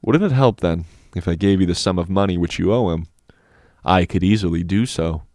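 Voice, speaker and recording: A man voicing a self-assured older schoolboy who speaks softly and with measured calm. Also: low voice, dry recording, studio quality, close to an everyday voice. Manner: measured, soft, unhurried.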